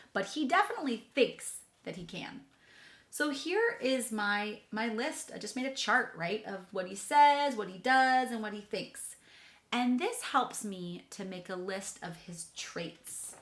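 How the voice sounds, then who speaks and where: A woman's voice: mid-range voice, animated, measured pace, a bit bright. A woman teacher giving a chatty, enthusiastic reading lesson to children, talking to them directly. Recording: echoey room.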